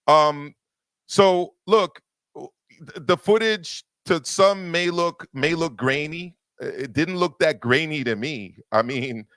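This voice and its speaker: A man debating boxing on a panel, his voice sitting a little high and recorded close and dry. He is emphatic and argumentative, and he stacks repeated words when he wants to make a point stick. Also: takes it slowly, a bit bright, no echo.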